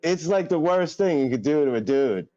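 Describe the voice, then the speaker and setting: A man's voice: a little high, animated, moderate pace, warm tone, no echo, soft background music. A man co-hosting a podcast, rambling through crude anecdotes in casual banter. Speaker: podcast co-host. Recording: dull lo-fi sound.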